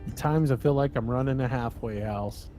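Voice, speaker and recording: A man's voice: mid-range voice, moderate pace, mellow, faint music behind. A man streaming a trucking game, telling rambling stories about home and laughing at his own jokes. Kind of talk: casual storytelling while gaming.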